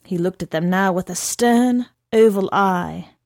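Unhurried woman reading a story. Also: medium pitch, darkish tone, no room sound, clean studio sound. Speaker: narrator. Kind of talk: scripted narration of a novel.

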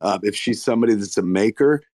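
A man speaking in a low register, gushing and swearing freely as a guest in casual chat. He talks in bursts full of restarts. The mic is close and dry, with no room around him. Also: fast, a little mellow, no room sound. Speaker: guest filmmaker on a live audio stage.

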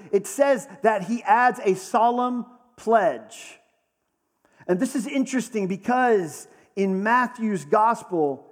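A man preaching a sermon in a conversational storytelling manner, slowing down for dramatic pauses. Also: high voice, in a large hall. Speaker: pastor.

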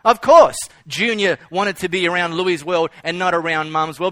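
A male pastor delivers a sermon in a high, bright voice. He tells stories and leans hard on repeated key phrases. The sound is dry and close, with no room echo. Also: moderate pace, few pauses. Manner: storytelling, emphatic repetition.

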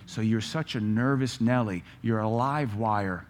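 A man preaching a sermon, firing off rhetorical questions and telling stories with lively energy. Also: lowish voice, a little slow, a little hiss or hum. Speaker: pastor.

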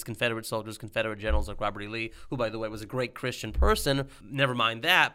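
A man's voice: medium pitch, sharp tone, clear, resonant tone. A man hosting an interview, asking leading questions and finishing the guest's points in conversational talk. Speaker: interviewer, host.

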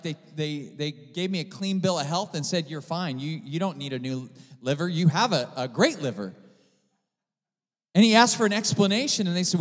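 A male pastor preaching a sermon, impassioned at times and quiet and storytelling at others. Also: on the high side. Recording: long hall reverb.

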